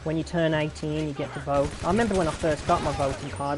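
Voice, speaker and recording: Chatty young British gamer. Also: male voice, a little high, steady tone, quick pace. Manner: chatty, rambling, answers chat. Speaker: gaming YouTuber. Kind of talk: casual commentary while playing. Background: game music and gunfire.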